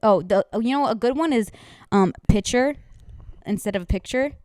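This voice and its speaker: Woman podcast co-host, casual and giggly, smooth tone, dry close mic. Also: a little high, normal speed, a little mellow, dry recording. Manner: laughs often, quotes people in playful voices. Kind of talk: casual chat.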